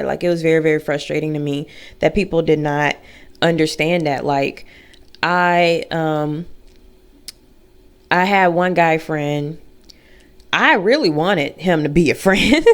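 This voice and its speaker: A woman in casual chat, candid and talkative. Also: low voice. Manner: chatty, candid, talks to her dog mid-story. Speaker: vlogger.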